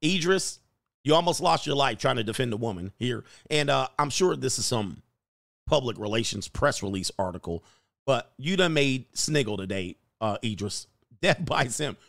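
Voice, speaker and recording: A man's voice: medium pitch, animated, moderate pace, gravelly, dry recording, studio quality. A man hosting a casual livestream, joking and reading news stories aloud in slangy talk. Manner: loud, joking, slangy, reads articles aloud. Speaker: livestream host.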